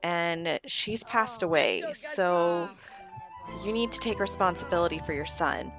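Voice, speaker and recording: A woman voicing a nervous young woman in a life-sim game, speaking in a higher, halting voice. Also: animated, over music. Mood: insistent.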